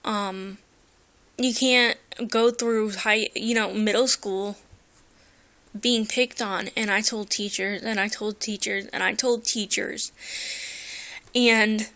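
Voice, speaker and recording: Earnest, hesitant woman with a bright voice. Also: mid-range voice, steady tone. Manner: halting, hesitant, many fillers; earnest and emotional. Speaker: vlogger. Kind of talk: personal confessional storytelling. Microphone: phone.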